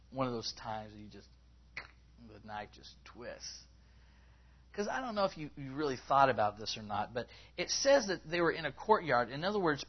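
Male preacher, mid-range voice, conversational sermon delivery, slightly lo-fi recording. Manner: conversational, rising in pitch when acting out quotes.

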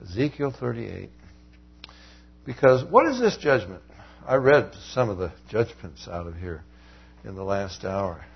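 Male preacher, husky voice, animated sermon delivery, dull lo-fi recording. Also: unhurried, pauses often. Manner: animated, swings from loud emphasis to low asides.

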